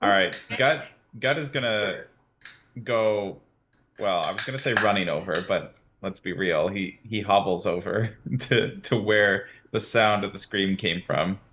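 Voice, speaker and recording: A man playing a tabletop game, describing his character's moves in a relaxed way. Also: fairly low pitch, measured pace, a little hiss or hum. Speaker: player. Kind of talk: casual tabletop play.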